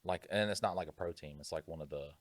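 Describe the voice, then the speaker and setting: A man's voice: a bass voice, quick pace, dry recording, studio quality. A man co-hosting a podcast, telling rambling, profane stories in casual chat. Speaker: podcast co-host.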